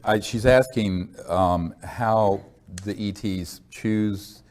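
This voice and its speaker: Low-voiced man, measured earnest guest. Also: darkish tone. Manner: measured, hesitant with frequent fillers. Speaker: interview guest. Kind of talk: earnest conversational storytelling.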